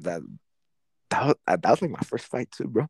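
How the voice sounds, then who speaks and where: A man's voice: mid-range voice, big pitch swings, moderate pace, darkish tone, husky, dry recording. A young man telling a schoolyard fight story in casual, profane slang, acting out his own past lines.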